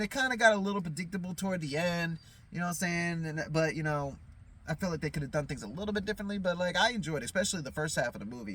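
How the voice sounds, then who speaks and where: In this clip, a vlogger speaks in a high, pushed, bright voice. His monologue is loose, profane and rambling; he keeps saying "you know what I'm saying," loses his train of thought, and stammers and restarts often.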